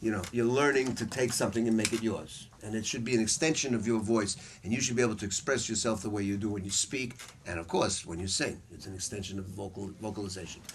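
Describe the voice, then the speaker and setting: A man's voice: lowish voice, quick pace, few pauses, slight background noise. A man teaching a saxophone masterclass to students in a music store, telling stories bluntly and swearing freely. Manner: blunt, profane, storytelling.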